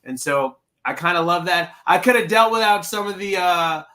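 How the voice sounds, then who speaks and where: A man co-hosting a casual movie review chat, animated and acting out scenes in little voices. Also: high-pitched, normal speed. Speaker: podcast co-host.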